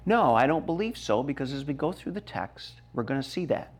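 A man's voice: on the high side, animated, normal speed. A middle-aged man preaching a sermon as a pastor, reading scripture and explaining it emphatically, his voice rising and dropping sharply. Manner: emphatic preaching with wide swings in loudness.

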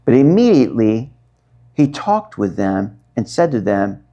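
A male pastor preaching a sermon, stretching out words for dramatic emphasis and swinging between quiet and loud. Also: big pitch swings, muffled recording. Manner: dramatic, drawn-out emphasis with wide swings in pitch and loudness.

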